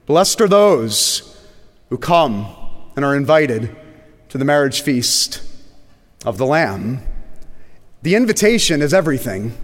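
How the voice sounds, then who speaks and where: A man preaching a sermon as pastor, slowing down and dropping low and quiet on key words for emphasis. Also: sing-song, long reverb tail.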